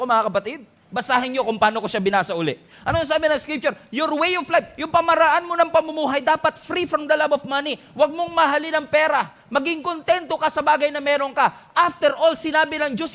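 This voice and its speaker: A Filipino-accented man delivers a sermon from the pulpit. His voice sits very high for a man, and he presses his points with emphatic rises, calling out to the congregation as he preaches. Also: quick pace, hardly any pauses, a bit bright. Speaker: pastor.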